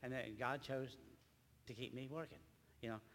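An older man, a grandfather, preaching a rambling church testimony with halting, repeated words. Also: mid-range voice, fairly even intonation, fairly bright tone, in a large hall. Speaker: lay preacher.

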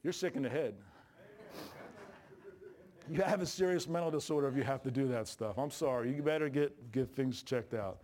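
A man's voice: mid-range voice, moderate pace, long pauses, darkish tone. A man preaching a sermon in a church, folksy and joking, with plain colloquial grammar. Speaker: pastor. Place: church sanctuary. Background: congregation responses.

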